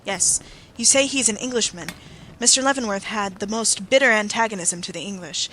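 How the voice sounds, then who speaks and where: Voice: medium pitch, a little fast, sharp tone, a little hiss or hum, natural voice, rough recording. A narrator voicing a bitter Victorian secretary. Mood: emphatic. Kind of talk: audiobook character reading.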